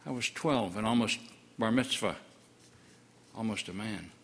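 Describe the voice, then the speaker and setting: An older man performs a first-person story sermon as a twelve-year-old village boy recounting a miracle with earnest wonder, grieving and awed. His bright, forceful voice drops low and hushed in the sorrowful passages, and he speaks a little slowly. A long church reverb trails each phrase.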